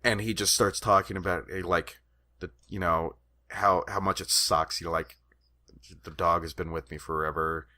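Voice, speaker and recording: Man, podcast co-host, casual chat, rambling, laughs a lot, very low pitch. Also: steady tone, normal speed, sharp tone. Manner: rambling storyteller, laughs often, swears casually.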